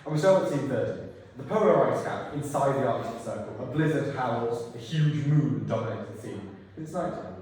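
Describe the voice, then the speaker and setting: Animated man directing a rehearsal. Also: medium pitch, normal speed. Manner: animated, breaks into silly voices and laughs. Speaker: theatre director. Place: rehearsal hall. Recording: echoey hall, far from the mic.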